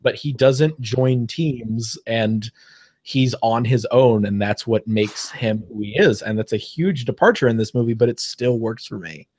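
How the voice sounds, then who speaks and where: A man's voice: medium pitch, unhurried, a little mellow. A man co-hosting a casual podcast, talking through comics and films in a thoughtful, hesitant way with many fillers, over a remote call. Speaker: podcast co-host. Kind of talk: casual chat about comics and film.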